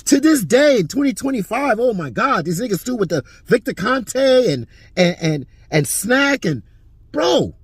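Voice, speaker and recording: A man's voice: very high voice, very animated, measured pace, husky, no echo. A man hosting his own boxing channel, ranting hotly and swearing constantly. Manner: heated, profane, ranting. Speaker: boxing commentary channel host. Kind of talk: profane boxing opinion rant.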